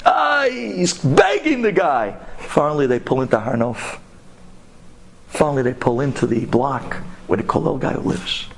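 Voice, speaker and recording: A man telling a story to an audience, animated and addressing his listeners directly. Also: medium pitch, unhurried, vocal fry, slightly rough. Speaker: speaker.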